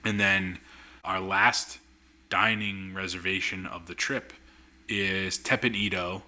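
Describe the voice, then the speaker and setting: A man chatting casually on a podcast, telling a lively story and acting out what people said. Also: sits low, takes it slowly. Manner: animated storyteller acting out quotes. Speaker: podcast guest. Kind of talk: casual chat.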